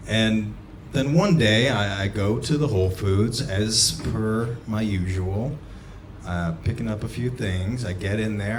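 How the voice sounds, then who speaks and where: A man performing a stand-up comedy set, telling a story and breaking into sudden shouts. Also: fairly low pitch, slight background noise. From United States. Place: comedy club stage. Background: audience laughter.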